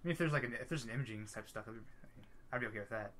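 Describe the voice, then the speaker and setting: A young man in his twenties chatting on a podcast at a brisk clip. He rambles and hesitates, restarting his sentences as he goes, with a faint hum of room noise under his voice. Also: medium pitch, fairly bright tone. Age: 20s. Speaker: podcast co-host. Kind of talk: casual chat.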